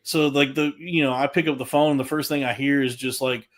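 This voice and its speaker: Man, podcast co-host, crude and animated rant, heavy swearing, mid-range voice. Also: medium pitch, a little fast. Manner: crude, profanity-heavy storytelling; animated, frequent restarts. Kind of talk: casual podcast chat.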